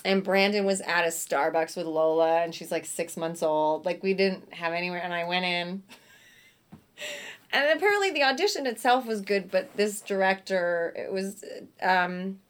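A middle-aged actress chatting as a guest in an interview, telling lively stories with acted-out quotes and frequent laughs. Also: female voice, fairly low pitch, moderate pace, clean tone. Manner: animated storyteller, acts out quotes, laughs often. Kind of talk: casual interview chat.

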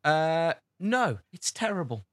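A man's voice: a little high, sing-song, slow pace, a bit bright, no echo, studio quality. A man, co-hosting a casual podcast chat with teasing banter. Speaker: podcast co-host.

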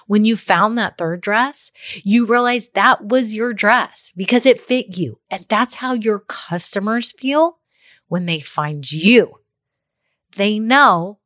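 A woman's voice: medium pitch, a bit bright, no echo. Chatty woman podcast host, dry sound. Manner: chatty and encouraging, with frequent "okay?" and "right?" check-ins. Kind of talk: motivational business podcast talk.

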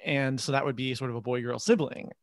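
A podcast co-host in casual chat, teasing in a wry, deadpan way. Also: mid-range voice, fast talker, no room sound, clean studio sound.

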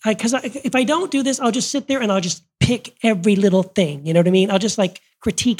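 A woman's voice: medium pitch, expressive, a little fast, a little mellow, slightly rough. A woman hosting a podcast, talking earnestly in a casual way, often restarting her sentences, recorded live before an audience. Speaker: podcast host.

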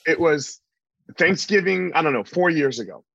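A man hosting a podcast from a hotel room, relaxed and affirming, often repeating himself. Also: fairly high pitch, normal speed, creaky, dry recording, dull audio. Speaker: podcast host. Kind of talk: casual interview chat.

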